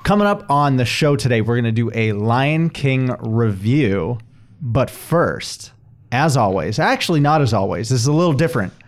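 A man hosts a casual podcast and walks through the show's segments. He speaks in a steady, announcing way at a mid pitch. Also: normal speed, faint music behind. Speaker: podcast host.

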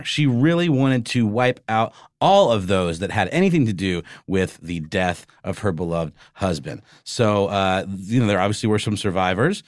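A man's voice: on the low side, expressive, normal speed, few pauses, no echo, studio quality. A man co-hosting a history podcast, chatty and wry while telling the story. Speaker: podcast co-host. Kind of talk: casual history chat.

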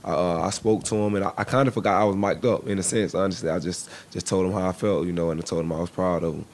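Low gravelly young man, halting. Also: fairly even intonation, darkish tone. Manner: halting, many fillers. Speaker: football cornerback, guest. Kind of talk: radio interview.

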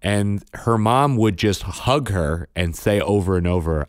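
A man's voice: on the low side, lively intonation, unhurried, no echo, clean studio sound. A man, a father, telling a parenting story in casual chat, matter-of-fact in tone. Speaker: podcast co-host and father.

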